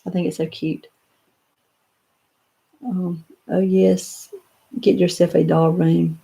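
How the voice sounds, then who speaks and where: An older woman speaks slowly in a fairly low, warm, creaky voice with little change in pitch. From her home office lined with doll showcases, she chats on a live stream and replies to viewers, wandering a little and using many fillers and restarts.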